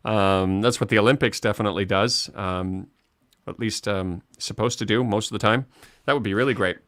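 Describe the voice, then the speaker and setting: A Canadian man co-hosting a live stream in casual chat, chatty and quick to laugh. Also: on the low side, a bit bright, no echo, clean studio sound. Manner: chatty, restarts often, laughs easily.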